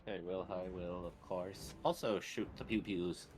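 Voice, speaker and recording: Halting male tabletop player. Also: deep voice, steady tone, darkish tone, soft background music. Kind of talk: casual tabletop game chat.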